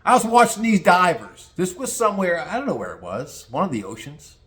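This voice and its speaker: Older man, retired, crude mocking rant, fairly high voice, casual storytelling. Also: very animated, a little fast, a bit bright. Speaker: vlogger.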